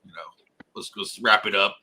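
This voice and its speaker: A man's voice: lowish voice, fairly even intonation, normal speed, pushed and bright. A man co-hosting a casual TV review chat, laid-back and joking, often laughing. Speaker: podcast co-host.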